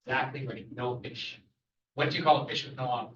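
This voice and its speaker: This Canadian travel lecturer talks a little fast, his medium-pitched voice steady and fairly bright. He jokes, chats and asks his listeners questions in a lively class session, captured as an echoey, muffled, far-off room recording.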